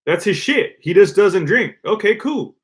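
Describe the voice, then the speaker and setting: A man's voice: high voice, a little slow. A man co-hosting a podcast in casual chat, talking loosely and filling his sentences with "you know" and "like". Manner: relaxed, peppers speech with "you know, like". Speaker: podcast co-host.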